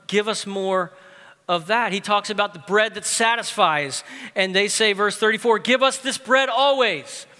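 A male pastor preaches in a high, bright voice, lively and conversational, with casual asides and humor. Long reverb from a big hall trails every phrase. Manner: lively, conversational, uses humor and pop-culture stories. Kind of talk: sermon.

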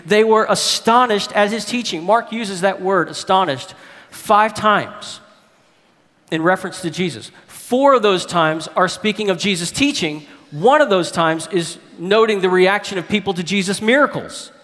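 Male preacher, sermon, emphatic pitch leaps, high voice, long hall reverb. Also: a little slow, a bit bright.

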